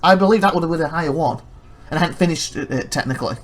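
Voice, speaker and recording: Let's play host: mid-range voice, chatty, animated retelling, lots of restarts. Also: mid-range voice, very fast. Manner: chatty, excitable storytelling with laughs; self-correcting, rambling. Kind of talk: casual gameplay commentary.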